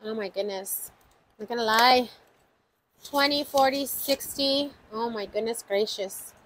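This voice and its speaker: A woman talking to her viewers in a casual budgeting vlog, her voice sitting a little high. She takes her time, counting numbers aloud in an unhurried way and breaking into frequent exclamations. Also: a bit bright, slight background noise, poor audio. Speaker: budgeting channel host. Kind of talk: casual savings-challenge vlog.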